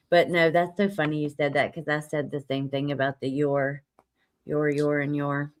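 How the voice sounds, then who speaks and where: A woman's voice: on the low side, fairly even intonation, moderate pace. Woman, livestream host, loose and chatty, laughs often, reads comments aloud. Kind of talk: casual livestream chat. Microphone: desk microphone.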